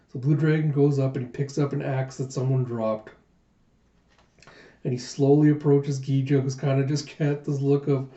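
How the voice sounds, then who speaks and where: A man casually retelling a manga chapter in a relaxed way, with frequent fillers. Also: mid-range voice, normal speed, reverberant, highs cut off. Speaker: host reading a manga aloud. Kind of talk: casual comic readthrough narration.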